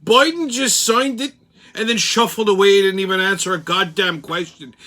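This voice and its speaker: Brash Irish ranter, cursing freely, bright and cutting, played by a man. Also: sits high, moderate pace, voice pushed up. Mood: ranting. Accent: put-on Irish. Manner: profane, ranting. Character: whimsical Irish male pundit. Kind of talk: political commentary rant.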